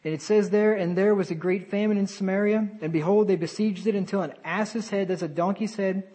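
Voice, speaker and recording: A man preaching a sermon, animated, with sarcastic asides and sudden drops to a quieter voice. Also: sits high, brisk, rough recording.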